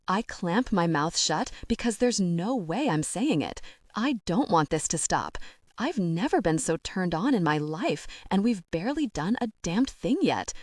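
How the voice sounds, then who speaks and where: A woman narrating a first-person romance audiobook in an intimate, measured reading. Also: on the low side, very animated, darkish tone, dry recording, studio quality.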